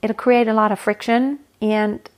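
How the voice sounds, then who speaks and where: A woman's voice: fairly high pitch, steady tone, measured pace. A woman voice coach talking through a solo podcast episode, chatty and explanatory, often restarting mid-phrase.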